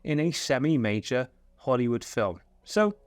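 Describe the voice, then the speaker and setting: A man's voice: mid-range voice, very animated, moderate pace, clean tone, faint music behind. Sarcastic Welsh man with a sweary edge. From Wales. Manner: sarcastic, profane, mocking. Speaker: film commentary host. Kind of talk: sardonic commentary.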